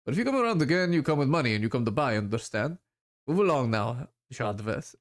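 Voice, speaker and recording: A man's voice: medium pitch, big pitch swings, brisk, lightly acted. A man voicing an imposing older arms dealer who speaks in a curt, demanding way. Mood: stern.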